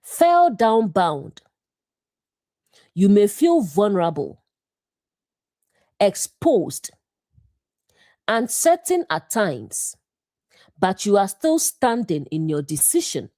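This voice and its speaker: Slow, measured woman teaching scripture. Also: medium pitch, very animated, warm tone, no room sound, clean studio sound. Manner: measured, deliberate phrasing in short clauses. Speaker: bible teacher.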